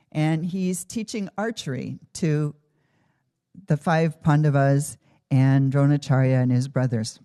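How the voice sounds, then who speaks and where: A woman's voice: deep voice, dark tone. A woman giving an earnest devotional talk in a temple, telling stories and asking reflective questions. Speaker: devotional speaker. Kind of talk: spiritual talk with storytelling.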